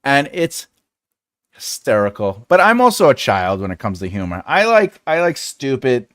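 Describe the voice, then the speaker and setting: A man's voice: medium pitch, sing-song, normal speed, a bit bright. A man hosting a writing livestream, chatting casually, laughing often and acting out silly voices when retelling scenes. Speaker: writing channel host.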